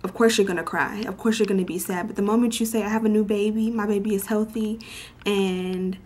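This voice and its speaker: A woman's voice: mid-range voice, fairly even intonation, a little fast, darkish tone. A young woman talking candidly to her camera in a personal vlog, rambling and heartfelt, with lots of "you know" and "um". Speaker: vlogger. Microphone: camera mic. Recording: faint background noise.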